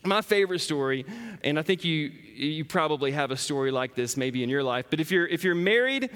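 Man, 30s, high bright voice, lively self-deprecating sermon storyteller, hall reverb. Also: fairly quick, smooth. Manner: animated, self-deprecating storyteller, laughs often.

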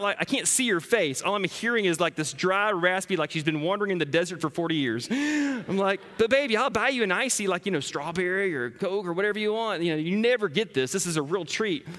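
A man in his thirties telling funny family stories in a sermon, animated and self-deprecating. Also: high-pitched, big-room sound. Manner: animated, self-deprecating storyteller, laughs often. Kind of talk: storytelling sermon.

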